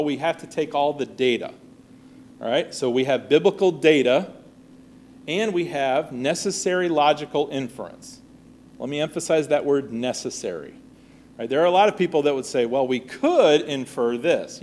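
Male Bible teacher, slightly high voice, conversational class lesson, faint background hiss. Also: lively intonation, moderate pace, a little mellow. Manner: conversational, often checks with "all right?" and "right?".

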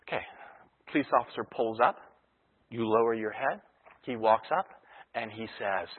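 Husky preacher on a tinny line. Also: male voice, medium pitch, normal speed, pauses often. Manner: conversational teaching with illustrations. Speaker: pastor. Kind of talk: sermon. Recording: tinny phone-like radio broadcast.

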